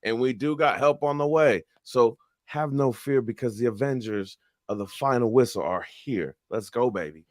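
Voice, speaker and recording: A man's voice: mid-range voice, moderate pace, hardly any pauses, no echo, studio quality. A man serving as a sports podcast analyst, emphatic and trash-talking. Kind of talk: excited panel banter.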